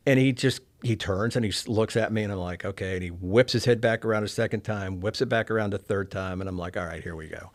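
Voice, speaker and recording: A middle-aged man from Oklahoma telling a candid personal story, soft-spoken and reflective, often trailing off quietly. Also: on the low side, fast, few pauses. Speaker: interview guest.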